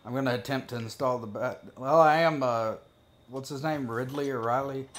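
A man's voice: medium pitch, normal speed, soft background music. A man giving casual, profane gameplay commentary as a gaming video creator, joking and talking to himself as he plays.

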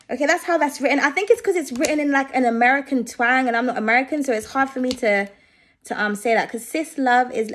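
A woman with a notably high voice talks through a tarot reading in a loose, conversational way. She reassures her listeners and keeps checking in with them as she goes. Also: brisk, a bit bright, a little hiss or hum. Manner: chatty and reassuring, with frequent "okay?" and "I feel like". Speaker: tarot reader. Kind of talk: casual tarot reading for viewers.

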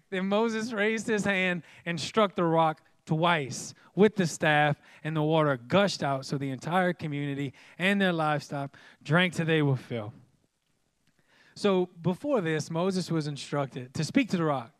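A young male pastor, preaching in a comic, animated way and acting out voices. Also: fairly high pitch, a little slow, no room sound. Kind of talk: sermon.

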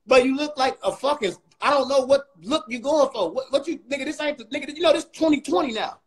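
A man with a strikingly high voice runs a profane comic roast on a livestream. He talks loudly and mockingly, firing one insult after another at the person he is arguing with. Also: low-quality recording. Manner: loud, mocking, rapid insults. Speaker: comedian host.

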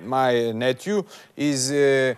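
A man's voice: mid-range voice, takes it slowly, clear, resonant tone. A man with a Croatian accent making a prank phone call in broken, hesitant English full of filler sounds. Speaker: prank caller.

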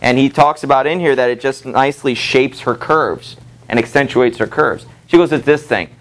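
Chatty male teacher lecturing a class. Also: normal speed. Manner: casual, conversational, many fillers and check-ins with the class; reads quotes aloud with lively pitch jumps. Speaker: high school literature teacher.

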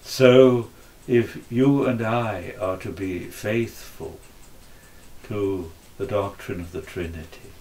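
Man preaching a sermon, slow storyteller vibe, voice rises and falls a lot. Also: mid-range voice.

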